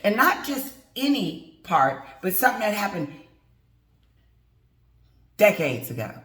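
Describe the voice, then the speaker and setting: A woman's voice: mid-range voice, big pitch swings, unhurried, fairly bright tone. A middle-aged woman ranting with sass and emphasis in an opinion vlog, speaking straight to her viewers. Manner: sassy, emphatic, talks straight to viewers and greets them. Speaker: commentary vlogger. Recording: echoey room.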